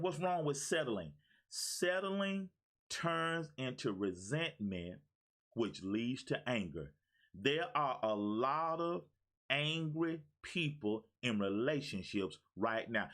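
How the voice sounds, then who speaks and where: A man's voice: medium pitch, fairly bright tone. A man who is a life coach, giving a preachy, repetitive motivational talk on a live stream and calling out viewers by name.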